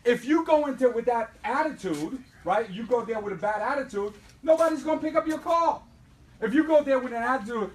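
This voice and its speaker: A man giving a motivational sales training talk to a live room, energetic, checking in with his listeners over and over. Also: very high-pitched, fairly quick, low-quality recording. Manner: energetic, repeatedly asks "right?". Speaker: business trainer.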